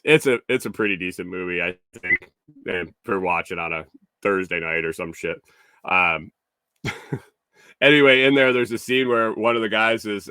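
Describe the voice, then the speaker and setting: Host, male, bright and forceful, crisp and dry sound; chatty storyteller who laughs at himself. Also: on the low side, no room sound. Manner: rambling, chuckling, self-correcting. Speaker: morning show host. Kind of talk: casual storytelling to a live chat.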